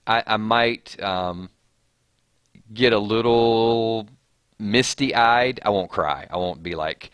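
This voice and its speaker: A man's voice: fairly low pitch, takes it slowly, fairly bright tone, dry recording, clean studio sound. A man hosting a live stream, chatting casually and reading viewer comments aloud with frequent restarts.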